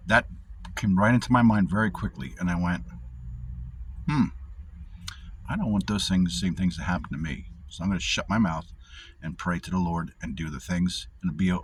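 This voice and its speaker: A man giving a casual devotional talk to his viewers, rambling and candid, with wry deadpan humor and many restarts. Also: lowish voice, slight background noise. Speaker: vlogger sharing faith encouragement.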